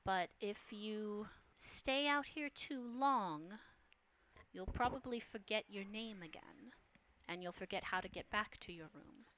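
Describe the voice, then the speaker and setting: A woman voicing a dark, eerie female spirit in a wispy, hushed whispered role-play. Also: mid-range voice, a little slow, slight background noise, natural voice.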